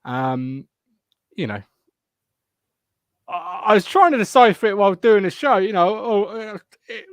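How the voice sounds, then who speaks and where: A man's voice: high voice, expressive, unhurried, pauses often, dry recording, studio quality. A man with a Suffolk accent hosting a casual live fan show from his living room while ill with tonsillitis. He swears freely, laughs at himself, and rambles between thoughts. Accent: Suffolk English. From Suffolk, England. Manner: swearing, laughing, self-mocking.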